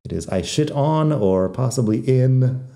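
A man teaching Spanish slang in a relaxed, wry, conversational podcast lesson, with a non-native accent when he says the Spanish words. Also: mid-range voice, a little slow. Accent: non-native Spanish accent when speaking Spanish.

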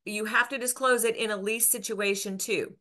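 A woman's voice: fairly high pitch, steady tone, normal speed, bright, forceful tone. A woman real estate broker, explaining rules to agents in an earnest way, with restarts and filler words. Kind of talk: educational explainer to camera.

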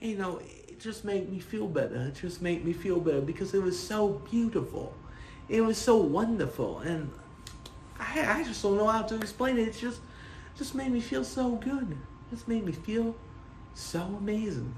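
A man's voice: very high-pitched, expressive, moderate pace, a bit bright, slight background noise. A man playing a dreamy, childlike 1950s singer-songwriter who rambles and giggles through a mock documentary interview. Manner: rambling, giddy, prone to giggling. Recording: roomy echo.

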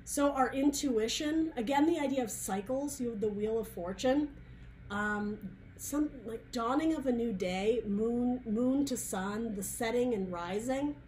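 Female tarot reader, casual rambling delivery, a bit high-pitched, faint hiss behind. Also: unhurried, a little mellow. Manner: chatty and searching, many restarts and asides. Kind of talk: casual tarot reading monologue.

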